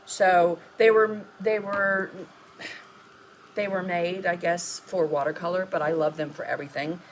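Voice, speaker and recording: A mixed media artist with a fairly low, steady voice hosts a live art demonstration, speaking a little slowly. She chats and thinks aloud as she works and answers viewer comments, with slight background noise.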